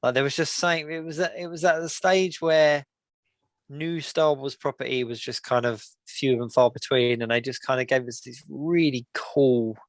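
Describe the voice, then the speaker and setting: A man's voice: mid-range voice, steady tone, moderate pace, no room sound. A man co-hosting a fan podcast, chatting casually and laughing often as he trades opinions. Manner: enthusiastic, laughs often, quotes others in voices. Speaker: podcast co-host. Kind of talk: casual chat.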